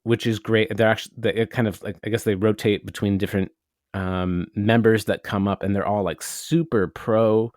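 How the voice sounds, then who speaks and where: A podcast co-host with a lowish, darkish voice and fairly even intonation tells a rambling story at a moderate pace, casually chatting and swearing now and then. There is no echo, just clean studio sound.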